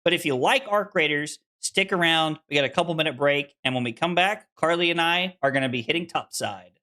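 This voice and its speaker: A man's voice: a little high, fairly quick, bright, forceful tone. A young man hosting a live stream, chatting casually with crude, teasing banter. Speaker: streamer and host.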